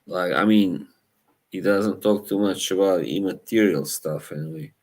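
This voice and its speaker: A young man with an Eastern European accent, hosting a casual live chat, relaxed and halting, laughing often. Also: low voice. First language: Slavic language. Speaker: livestream host.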